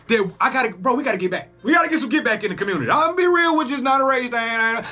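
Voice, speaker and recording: A man hosting a reaction video, talking casually, excitable and profane, exclaiming often. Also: extremely high pitch, very fast, few pauses, faint music behind.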